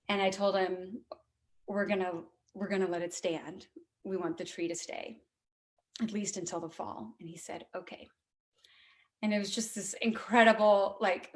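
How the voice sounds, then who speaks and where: A woman telling a true personal story at a live storytelling event, in a candid, conversational and heartfelt way. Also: medium pitch.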